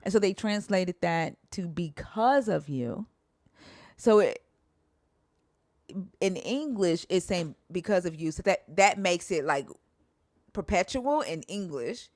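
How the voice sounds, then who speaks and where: Slow, low-pitched young woman, dry close sound. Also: expressive, darkish tone, no echo. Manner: hesitant, trails off, sounds out words, swears casually. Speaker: podcast host. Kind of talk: casual chat about Hebrew translation.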